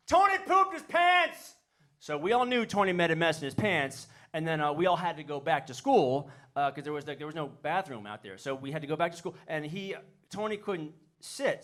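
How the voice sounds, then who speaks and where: A man doing a stand-up comedy set on a club stage, rambling and self-deprecating, now and then shouting in goofy character voices. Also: fairly high pitch.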